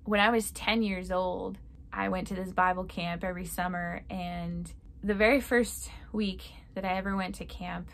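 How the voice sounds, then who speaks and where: A woman's voice: on the low side, fairly even intonation, moderate pace, gravelly, a little hiss or hum. A woman giving a casual devotional talk. She speaks conversationally, says "like" a lot, and acts out prayers in a chirpy voice. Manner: chatty, conversational, often says "like". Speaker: Christian speaker.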